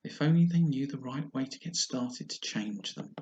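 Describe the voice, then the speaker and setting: A man voicing a curious, polite young girl in a storybook reading, his voice pitched up for her. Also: expressive, moderate pace, a little mellow, dull audio, slight background noise, close to an everyday voice.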